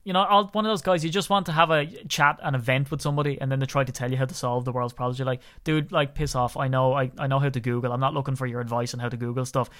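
A man's voice: mid-range voice, fairly even intonation, quick pace, few pauses, fairly bright tone. An Irish man hosting a podcast in casual chat, talking in a chatty, ranting way that gets worked up. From Ireland. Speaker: podcast host.

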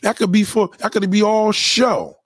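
A man's high voice holds a steady tone at a moderate pace, husky and recorded dry with studio quality. He's a vlogger sharing opinions, ranting to the camera in a profane, preachy, conspiratorial way and repeating himself for emphasis.

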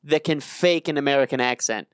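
A man's voice: mid-range voice, fairly quick, no room sound, clean studio sound. A man co-hosting a podcast, rambling and self-deprecating in casual banter, with plenty of swearing. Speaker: podcast co-host.

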